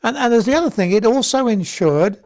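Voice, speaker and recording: A man's voice: extremely high pitch, lively intonation, a little fast, darkish tone. A man giving an informal Bible lecture, talking conversationally with frequent restarts and checks of "okay?". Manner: conversational, repeats words and restarts, asks "okay?". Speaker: Bible study teacher.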